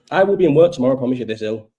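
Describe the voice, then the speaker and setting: A man's voice: medium pitch, a little mellow. A young man hosting a casual live chat, rambling and swearing freely, ill with a cough. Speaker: host.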